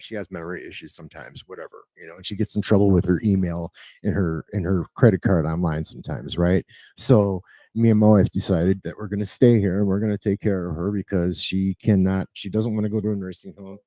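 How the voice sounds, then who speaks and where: A middle-aged man talks at home in an earnest, rambling way, leaning on fillers and tag questions. His voice sits fairly low. The sound is dry and close, with no room echo. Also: mellow. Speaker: medical transport driver. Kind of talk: casual storytelling to camera.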